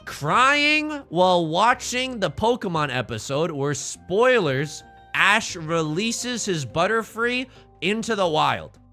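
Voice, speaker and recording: A man's voice: high voice, very animated, slow pace, bright, forceful tone, soft background music. A man streaming a game live, rambling and joking with his chat between plays. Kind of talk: live-stream gameplay commentary.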